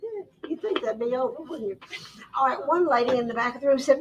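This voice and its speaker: A woman's voice: sits high, lively intonation, fast, distant mic, noisy background. A woman, telling a funny story to a live audience at a store event and laughing through it. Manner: Southern-style folksy talk, laughing through her story.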